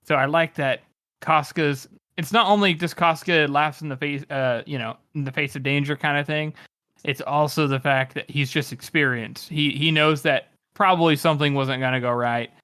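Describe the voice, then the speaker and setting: A man co-hosting a book podcast, talking in a relaxed, chatty way. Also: fairly high pitch, moderate pace, clean tone, dry recording, clean studio sound. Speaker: podcast co-host. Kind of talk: casual book discussion.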